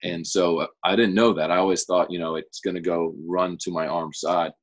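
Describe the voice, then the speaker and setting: A man's voice: deep voice, steady tone, normal speed, rough recording. A young man, a guest on an interview show, chatting casually and explaining things in an easygoing, rambling way. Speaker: guest pitcher.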